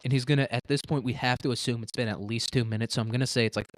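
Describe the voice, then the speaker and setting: A man's voice: mid-range voice, fairly even intonation, very fast, no echo. A man hosting a comedy podcast, rambling through a crude, joking hypothetical monologue. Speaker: podcast host.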